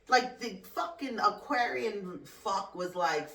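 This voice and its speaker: A woman podcast host, an adult with a school-age son, rants in a casual comedy style, swearing and laughing often. Her voice is fairly high, bright and forceful, animated yet unhurried, and the recording sounds roomy and echoey, far from the mic.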